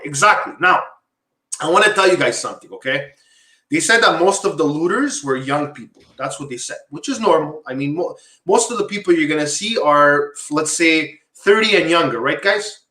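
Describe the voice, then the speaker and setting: A fairly high, bright, forceful male voice belongs to a podcast host from Quebec, Canada, running a casual talk show. He rambles, repeats himself, and calls viewers "guys," all in an echoey room.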